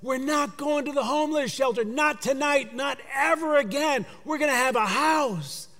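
Guy putting on a thrilled mom, way up high, breathless, echoey hall. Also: moderate pace, a bit bright. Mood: overjoyed. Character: overjoyed mother telling her kids good news.

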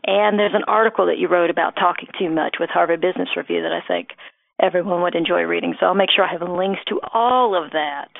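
A woman's voice: fairly low pitch, quick pace, gravelly, no echo. A woman hosting a podcast interview, chatting casually and pointing listeners to the show notes. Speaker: podcast host. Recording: tinny phone-like line, dry.

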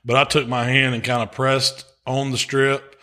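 A man's voice: mid-range voice, level tone, normal speed, pushed and bright. Laid-back man chatting about grilling. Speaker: podcast host, pitmaster. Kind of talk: casual chat.

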